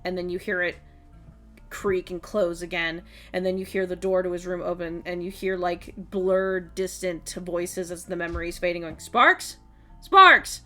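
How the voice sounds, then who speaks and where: A woman's voice: lowish voice, monotone, moderate pace, soft background music. A woman game master narrating a tabletop game scene, talking casually with many fillers. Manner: descriptive, full of fillers like "like" and "um".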